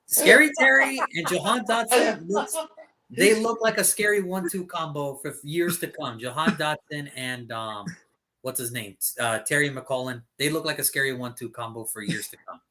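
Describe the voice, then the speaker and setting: A man co-hosting a casual sports show, making football picks with jokes and the odd curse. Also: fairly high pitch. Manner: animated, swears, quick jokes. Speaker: podcast co-host.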